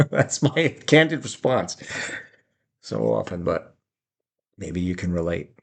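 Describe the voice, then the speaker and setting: A man's voice: lowish voice, lively intonation, unhurried, pauses often, husky. A middle-aged man giving life advice in a reflective, storytelling way, laughing often and acting out quotes. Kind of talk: reflective personal talk.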